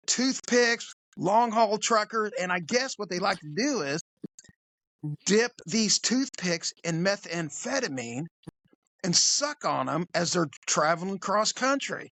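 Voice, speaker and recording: Gravelly, dry-voiced podcast storyteller. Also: mid-range voice, lively intonation, measured pace, fairly bright tone, no echo. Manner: rambling, jokey, acts out quotes. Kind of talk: casual comedic storytelling.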